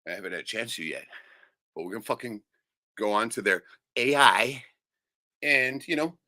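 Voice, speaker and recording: A man ranting furiously on his livestream, cursing in nearly every sentence. His pitch swings widely as he talks, and his voice is bright and sharp. The sound is dry and close. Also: lively intonation, moderate pace, no room sound. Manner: heated, profane, swears constantly. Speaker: livestream host. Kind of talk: angry ranting monologue.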